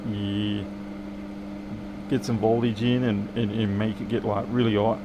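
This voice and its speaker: A man's voice: on the low side, level tone, a little slow, noisy background. Aussie man muttering through a repair. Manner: muttering banter to viewers while working. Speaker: electronics repair technician. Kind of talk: live-streamed repair chat.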